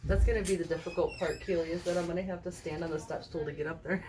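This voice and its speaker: A woman doing a casual tarot reading to camera at a table indoors, recorded on a phone mounted high overhead, chatting and often checking in with the viewer. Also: steady tone, fast talker, background noise. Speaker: tarot card reader.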